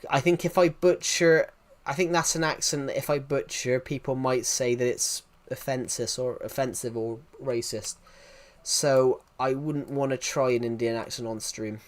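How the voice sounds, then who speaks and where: A man's voice: mid-range voice, fairly even intonation, a little slow. A man with a Southwest English accent chatting casually on a live stream, rambling and answering viewers' messages. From England. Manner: rambling, restarts often, answers chat.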